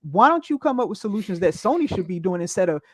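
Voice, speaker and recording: A woman's voice: mid-range voice, sing-song, quick pace, a little mellow, no echo, studio quality. A woman co-hosting a casual opinion chat, talking emphatically and often adding okay. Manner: emphatic, frequent laughs and okays.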